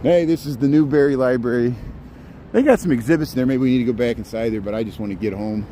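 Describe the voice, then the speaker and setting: A man's voice: mid-range voice, quick pace, warm tone, a little hiss or hum. Chatty man live-streaming a city walk. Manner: rambling, chatty, reads out viewer comments. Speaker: live-streaming walking vlogger. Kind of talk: casual walking commentary to live chat. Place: outdoors on city streets at evening.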